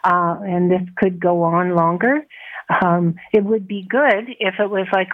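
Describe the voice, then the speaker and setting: A woman, a nurses' union president, speaks earnestly in a radio interview, with restarts and soft laughs. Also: on the low side, normal speed. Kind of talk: radio interview over the phone. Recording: tinny phone line.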